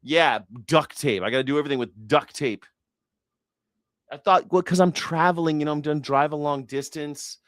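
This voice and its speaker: With a slightly high, somewhat bright voice at a moderate pace, an independent news and culture commentator tells rambling, profane, funny stories during a casual livestream, voicing what people said. The studio-quality recording is dry.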